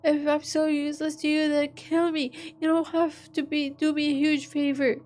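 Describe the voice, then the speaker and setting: Girl doing a scared young woman, crying, begging, voice pushed high and tight. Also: steady tone, normal speed, mellow, a little hiss or hum, natural voice. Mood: desperate pleading. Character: frightened young woman pleading through tears.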